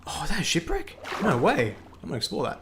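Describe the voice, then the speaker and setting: A man's voice: a little high, huge pitch swings, quick pace, fairly bright tone, slight background noise. Casual young man chatting on a livestream. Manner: thinks aloud, repeats himself, reacts to the game and chat. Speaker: livestream host. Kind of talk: casual livestream chat while gaming.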